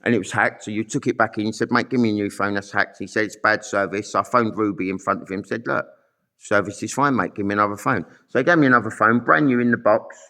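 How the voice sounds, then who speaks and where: A man's voice: on the low side, fast talker, pushed and bright. A middle-aged man telling his own story in a blunt, sweary, rambling monologue full of fillers. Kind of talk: angry monologue to camera.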